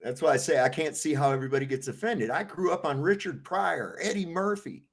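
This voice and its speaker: Man, slightly high voice, laid-back, swears, acts out scenes in voices, casual panel chat. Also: brisk, creaky. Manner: animated storyteller, acts out comedy scenes in voices. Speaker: panel host. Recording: online call audio.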